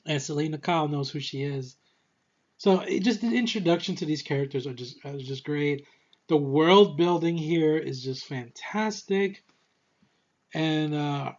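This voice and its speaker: A young man giving a rambling, excitable movie review, a little short of breath and swearing freely. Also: fairly high pitch, moderate pace, lo-fi sound. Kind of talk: casual movie review monologue.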